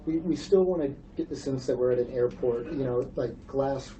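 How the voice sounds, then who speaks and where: A man's voice: medium pitch, normal speed, crowd noise. Man brainstorming in a meeting, distant. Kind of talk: casual work meeting.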